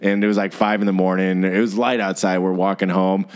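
A man's voice: low-pitched, level tone, fairly quick, clear, resonant tone. A young man in casual chat, joking and chiming in with quips.

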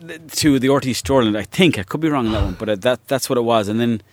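A man's voice: medium pitch, fast talker, dry recording. An Irish man, a guest comedian, telling loose, rambling stories in casual chat, swearing freely and laughing as he goes. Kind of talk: casual anecdotal storytelling.

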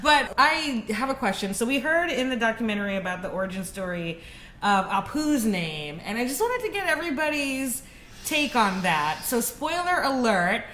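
A woman steering a casual panel discussion in a quick, emphatic way. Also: on the high side, big pitch swings, bright, forceful tone. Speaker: podcast panelist. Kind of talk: casual chat. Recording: echoey room, faint background noise.

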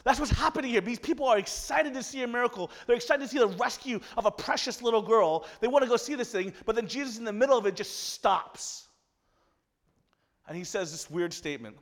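Male preacher with a high voice, lively storytelling sermon, acts out each character. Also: fairly quick, long reverb tail. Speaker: pastor.

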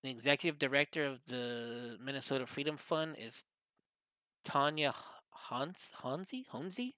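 A man, co-hosting a casual podcast chat, rambling and profane, getting animated when he quotes others. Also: mid-range voice, unhurried, dry recording. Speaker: podcast co-host.

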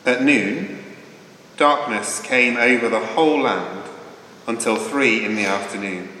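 A man reads a scripture passage aloud in a clear, declamatory manner, his voice bright and forward. The church hall around him is echoey, with a long reverb tail. Faint room ambience sits underneath. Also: medium pitch, unhurried, slight background noise. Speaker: scripture reader.

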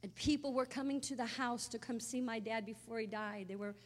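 A woman's voice: a little high, steady tone, a little fast, big-room sound. A woman preaching a sermon, telling an emotional personal story that swells into exclamations.

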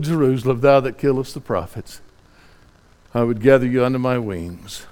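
Impassioned preacher with a smooth voice. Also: male voice, medium pitch, moderate pace. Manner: impassioned, rising pleas then quiet scripture reading. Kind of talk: sermon.

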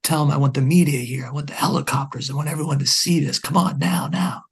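A man voicing an agitated armed man who barks clipped, repeated commands in a gravelly voice. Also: medium pitch, fairly even intonation, normal speed, fairly bright tone. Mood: frantic.

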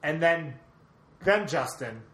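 A woman with a notably low voice chats casually as a podcast co-host, walking through a film's plot scene by scene. Her sentences trail off and restart as she goes. The sound is roomy, with clear echo around her. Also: lively intonation, slow, a bit bright. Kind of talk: casual movie recap chat.

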